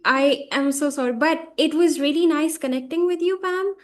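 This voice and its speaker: A woman with a high voice hosts an interview over a video call. She asks her questions politely and softly. Her manner stays courteous throughout. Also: normal speed. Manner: polite, soft-spoken questioner. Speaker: host of English learning channel.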